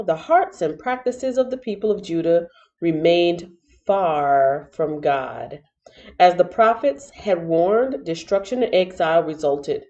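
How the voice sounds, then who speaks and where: A playful, chatty woman from Texas reads the Bible live and greets her viewers by name. Her voice sits a little low. It comes through a dull, lo-fi laptop microphone in a room at home. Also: warm tone. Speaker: Bible reading live-streamer. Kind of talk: casual live-stream Bible reading. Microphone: laptop mic.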